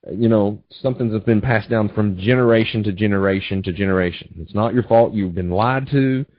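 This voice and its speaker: Low-voiced guy running a trading webinar, folksy and repetitive, dry lo-fi audio. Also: a little fast, dry recording. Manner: folksy storytelling, repetitive asides. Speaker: trading educator. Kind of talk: webinar presentation.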